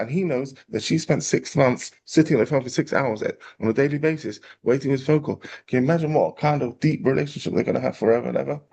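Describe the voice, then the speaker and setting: A man, a rabbi telling a parable in a lively storytelling class. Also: medium pitch, vocal fry, breathy edge. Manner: animated storyteller, acting out quotes.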